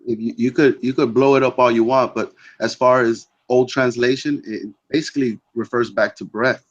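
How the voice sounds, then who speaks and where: A man in a casual conversation who talks haltingly, repeating words as he starts his sentences. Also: mid-range voice, steady tone. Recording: dull lo-fi sound.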